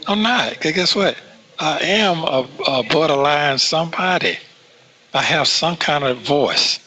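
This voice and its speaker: Man, casual talk; bright, lively pitch, rambling, keeps checking in. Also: a little slow, low-quality recording. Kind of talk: casual conversation.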